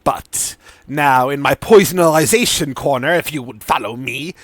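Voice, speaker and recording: A man's voice: medium pitch, normal speed, dry recording, clean studio sound, natural voice. A man voicing an eccentric, pompous male merchant alchemist who speaks with grand flourishes. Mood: theatrical.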